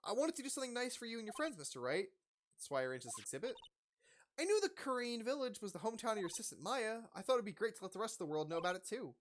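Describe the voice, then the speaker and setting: Woman voicing a poised exhibit planner; polite, formal, lively. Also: a little high, very fast, a little hiss or hum, pitched above the performer's own voice.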